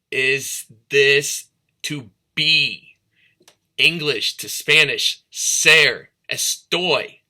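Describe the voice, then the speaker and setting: A man's voice: mid-range voice, pushed and bright. A man from St. Louis talking in a rambling, profane, stream-of-consciousness monologue that drifts between topics and into freestyle rhymes. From St. Louis, Missouri.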